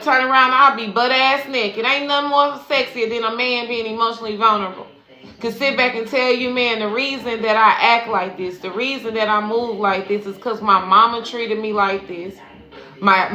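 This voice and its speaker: A woman's voice: fairly high pitch, fairly even intonation, normal speed, sharp tone. A woman spiritual coach giving a casual, profane livestream tarot reading, preaching and calling her listeners baby. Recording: echoey room with faint music.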